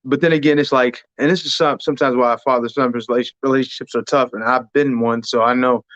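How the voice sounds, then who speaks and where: A man who is a podcast guest, talking in a measured, rambling way. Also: mid-range voice, steady tone, fairly bright tone, dry recording, lo-fi sound. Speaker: podcast guest, former boxer. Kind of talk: casual chat.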